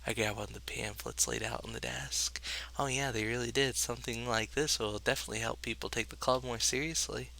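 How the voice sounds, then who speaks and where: A man's voice: medium pitch, expressive, fairly quick, creaky, sharp tone, slight background noise. A man playing through a visual novel, reading the narration aloud and adding profane, joking commentary. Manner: profane, jokey, reads narration with rising emotion. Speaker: let's play host.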